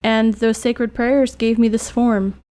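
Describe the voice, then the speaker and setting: A woman reading game dialogue as a gentle, apologetic spirit of a young man, speaking soft and solemn. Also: a little high, level tone, takes it slowly.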